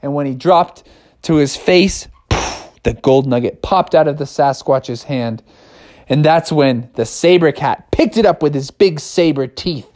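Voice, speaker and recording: In an unhurried, medium-pitched voice, someone improvises a goofy spoken tale. It's animated and playful, wandering from each "and then" to the next in a long run-on ramble.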